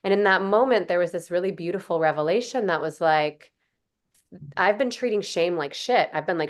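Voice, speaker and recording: Low-voiced woman hosting a podcast, gushy and earnest, says like a lot. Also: normal speed. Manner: earnest, gushing, many fillers like "like" and "um". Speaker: podcast host. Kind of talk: casual conversational interview.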